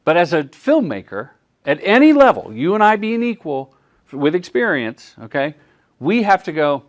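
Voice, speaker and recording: Middle-aged male workshop presenter, lively pitch, acts out dialogue. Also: moderate pace. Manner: animated, acts out quoted dialogue in voices. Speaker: workshop presenter, commercial director. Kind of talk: workshop talk answering audience questions. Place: workshop room at a film festival.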